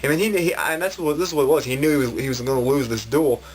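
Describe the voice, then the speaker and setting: A man's voice: medium pitch, quick pace, slight background noise. A man ranting in a vlog, rambling and frustrated, with many restarts. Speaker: vlogger.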